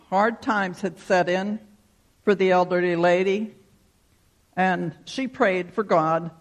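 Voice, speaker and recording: A man's voice: sits high, creaky. A man preaching a sermon, telling a folksy story and leading a prayer. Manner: folksy storytelling, acts out shouted quotes. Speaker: pastor.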